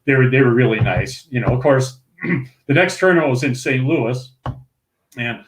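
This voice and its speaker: A man in his sixties from Minnesota, a guest telling rambling, lively stories full of restarts and chuckles in a relaxed podcast chat. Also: medium pitch, normal speed, a little hiss or hum. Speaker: interview guest, retired pro bowler. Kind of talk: casual storytelling in a podcast interview.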